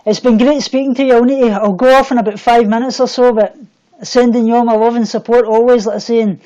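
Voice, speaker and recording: A Scottish man hosting a casual livestream chat from home, warm and friendly, often repeating and restarting his words. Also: extremely high pitch, steady tone, fast, muffled recording. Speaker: livestream host. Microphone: computer mic on a livestream.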